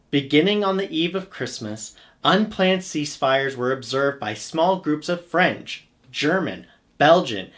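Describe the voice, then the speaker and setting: A man giving scripted documentary narration for a history channel, in a steady, measured storytelling delivery. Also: fairly high pitch.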